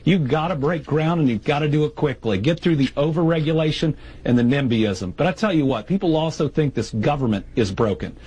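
A man's voice: fairly high pitch, expressive, brisk, hardly any pauses, darkish tone, slightly rough, rough recording. A male governor answering in a television interview in a plain, folksy way. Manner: folksy, plain-spoken politician. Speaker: state governor.

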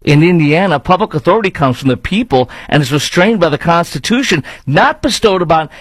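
A man's voice: a little high, no echo, rough recording. A man hosting a show of opinionated political commentary, talking in a sarcastic, argumentative way. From lives in Dallas-Fort Worth.

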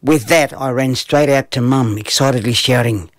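A man narrating a children's story in a gentle, even way. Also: mid-range voice, moderate pace, hardly any pauses, no room sound.

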